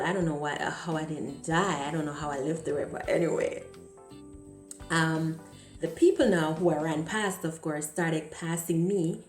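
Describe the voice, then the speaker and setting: A woman vlogger telling a dramatic personal story in an animated way, often stammering. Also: deep voice. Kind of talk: storytime vlog. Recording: echoey room, faint music.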